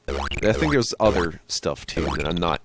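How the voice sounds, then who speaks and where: A man's voice: sits low, sing-song, moderate pace, background noise. A young man rambling through joking, tangent-filled commentary while playing a retro game. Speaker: gaming channel host. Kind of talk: let's play commentary.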